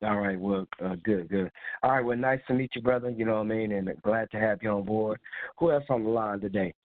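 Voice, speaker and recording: A man's voice: lowish voice, a little fast, dry recording. A man hosting a casual live call-in chat, congested with a cold, talking in a loose, rambling way. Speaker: host of a call-in live show. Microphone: phone call. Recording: dry tinny phone line.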